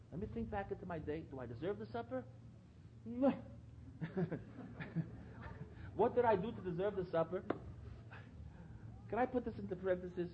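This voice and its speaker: A man's voice: high voice, a little hiss or hum. A man giving a sermon-style talk at a religious gathering, telling stories and repeating phrases for emphasis. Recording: dull lo-fi recording.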